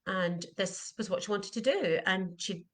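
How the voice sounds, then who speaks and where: A woman's voice: mid-range voice, a little slow, fairly bright tone. A middle-aged woman, an animal communication coach, giving an earnest, heartfelt motivational talk and repeating her questions for emphasis.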